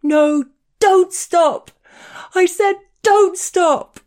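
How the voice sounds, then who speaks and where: A woman putting on a shrill, frantic pleading man. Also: very slow, heavily acted. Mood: desperate pleading. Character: desperate pleading young man on the edge.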